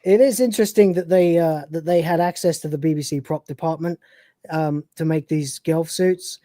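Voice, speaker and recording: A woman's voice: sits low, steady tone, moderate pace, dark tone, no room sound. A woman co-hosting a live stream, giving a rambling, profane, casual recap of a TV episode and acting out its scenes. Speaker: podcast co-host.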